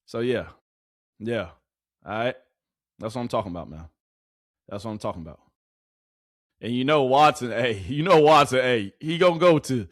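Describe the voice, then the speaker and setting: A young man giving casual live-stream commentary on football clips, animated and repetitive, full of slang and hype. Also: mid-range voice, normal speed, long pauses, no echo, studio quality.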